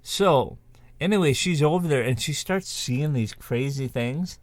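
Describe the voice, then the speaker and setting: A man's voice: on the high side, measured pace, dry recording. Man, co-host, casual rambling storyteller, dry close sound. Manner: rambling, with frequent restarts and asides.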